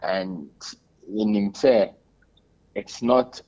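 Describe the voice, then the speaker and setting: A man with a Ghanaian accent, a radio interview guest giving measured, explanatory answers. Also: on the low side, a little mellow, highs cut off.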